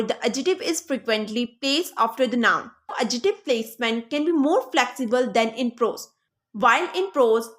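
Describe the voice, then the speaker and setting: A woman with a high-pitched voice explains English grammar rules in a patient lesson. She reads each example phrase slowly and carefully. She keeps checking whether her listeners have understood, and her own phrasing has small grammar slips. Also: a bit bright.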